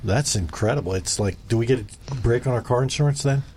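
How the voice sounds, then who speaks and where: A man's voice: mid-range voice, fast. Man, radio co-host, jokey, playful, faint background noise. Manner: jokey, playful, laughs often, loses his train of thought. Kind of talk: joking radio interview.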